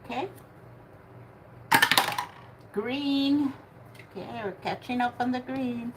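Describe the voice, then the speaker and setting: Over heavy background noise, an older woman hosts a casual livestream bingo game, speaking slowly in a high-pitched voice. She chats, laughs often and says hello to her viewers by name.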